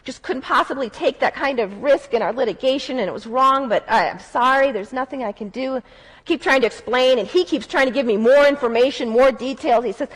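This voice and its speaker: High-voiced woman, earnest storytelling speech. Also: brisk, husky, rough recording. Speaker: civil rights lawyer and advocate.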